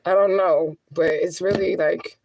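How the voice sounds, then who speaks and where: Fairly low-pitched and gravelly, her voice stays steady and unhurried, though the audio is dull and the background noisy. The speaker, a middle-aged woman and spiritual medium, delivers an emotional, profane, rambling monologue straight to her viewers.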